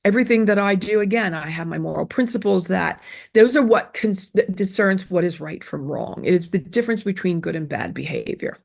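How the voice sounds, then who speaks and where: Gravelly-voiced woman giving emphatic advice. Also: on the low side, lively intonation, brisk, darkish tone. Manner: emphatic, repeats phrases, many fillers and restarts. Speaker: interview guest, self-esteem speaker. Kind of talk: earnest advice in an interview.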